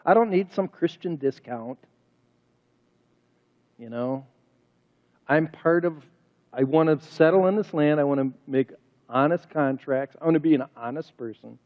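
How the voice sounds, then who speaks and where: A male pastor preaches a sermon in a fairly high voice, pressing his points with rhetorical questions. His words ring with a long reverb through the church sanctuary. The recording sounds dull and lo-fi. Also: normal speed.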